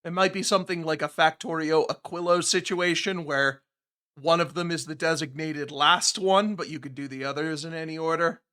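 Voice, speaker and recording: A man's voice: a little high, steady tone, moderate pace, sharp tone. A man casually chatting with viewers while streaming a game, sarcastic and easily exasperated. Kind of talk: casual gameplay livestream chat.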